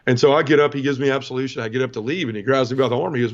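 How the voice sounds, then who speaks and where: A man in his forties, a podcast guest, telling his personal conversion story earnestly and emotionally, with many halting restarts. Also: mid-range voice, muffled recording.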